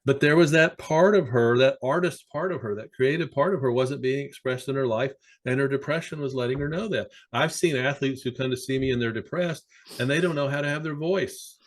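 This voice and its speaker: A man who works as a sports psychologist, speaking as a podcast guest and telling animated stories with plenty of fillers. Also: medium pitch, brisk. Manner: animated, anecdotal, many fillers. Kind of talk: conversational storytelling.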